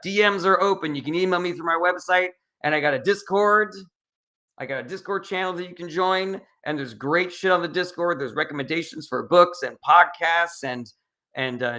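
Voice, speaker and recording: A man's voice: fairly high pitch, bright, forceful tone. A man hosting a political livestream, reading chat questions and answering in heated, profane rants.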